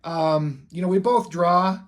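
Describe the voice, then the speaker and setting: A man's voice: high-pitched, fairly even intonation, measured pace. Rambling man chatting casually, laughing. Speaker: video creator. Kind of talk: casual show-and-tell vlog.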